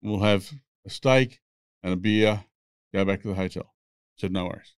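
A man's voice: low voice, steady tone, normal speed, clear, resonant tone, no room sound, clean studio sound. A man, telling rambling, swear-filled stories as a podcast guest. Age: 60s. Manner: profane, rambling anecdotes. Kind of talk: casual storytelling.

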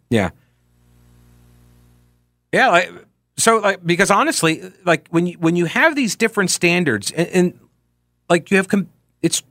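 A man's voice: on the high side, fairly bright tone, no echo, studio quality. A man hosting a political talk show, speaking casually and sarcastically while reading listener tweets aloud with frequent asides.

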